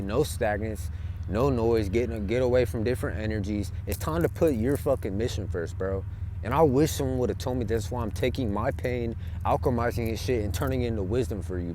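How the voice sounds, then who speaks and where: A man's voice: fairly low pitch, fairly quick, warm tone, slight background noise. A young man giving an impassioned, profane spiritual monologue to his viewers from outdoors in nature, calling them bro and man. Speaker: spiritual vlogger.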